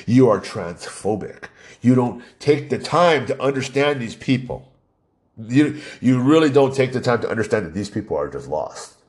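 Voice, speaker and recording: A man's voice: lowish voice, darkish tone. A man talking in a casual, rambling, opinionated monologue, telling anecdotes.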